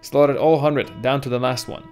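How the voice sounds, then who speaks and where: A man's voice: medium pitch, steady tone, normal speed, darkish tone, faint music behind, lightly acted. A man voicing a drunk, burly old retired tech hunter who rambles on in a folksy, boozy way while telling stories. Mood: storytelling.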